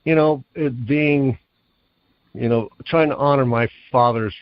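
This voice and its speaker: A man recounts a story to an interviewer at mid pitch, acting out the voices of the people in it. His voice sounds close and dry, with no room around it. The sound is a little dull and lo-fi. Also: unhurried, dry recording. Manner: animated storyteller, acts out quoted lines. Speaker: author and guest.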